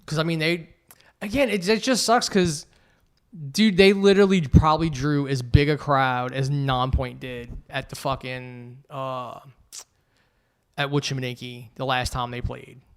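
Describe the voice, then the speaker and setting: A man's voice: mid-range voice, steady tone, measured pace, clear, resonant tone. A man co-hosting a podcast, chatting casually with loose, rambling talk and a lot of swearing. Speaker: podcast co-host. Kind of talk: casual chat.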